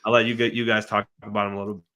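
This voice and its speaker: A man on a fan podcast making his case about the offensive line in animated, argumentative casual talk. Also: lowish voice, very fast. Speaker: podcast panelist. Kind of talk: casual sports analysis.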